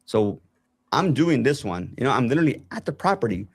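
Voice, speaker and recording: A guest with a mid-range, husky voice tells a long personal story at a brisk clip. He animatedly acts out others' lines, and there's no room sound.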